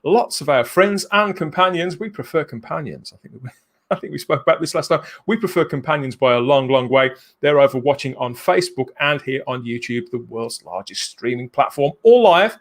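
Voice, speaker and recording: A man's voice: mid-range voice, brisk, fairly bright tone. A man hosting a live fan show, chatty and jokey, laughing often as he greets viewers. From England. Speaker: livestream host. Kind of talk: casual live show chat.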